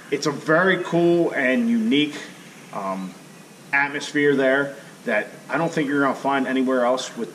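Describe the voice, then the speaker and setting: Young guy vlogging, rambly and laid back, lots of ums, bit of faint noise behind. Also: fairly high pitch. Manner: relaxed, rambling, with frequent "um" and "you know". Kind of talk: casual vlog recap.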